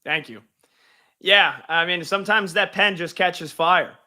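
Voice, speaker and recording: Man, high bright voice, theatrical pun-heavy sports recap. Guest regular. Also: a little slow. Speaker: guest segment host. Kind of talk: punny scripted sports recap, then casual chat.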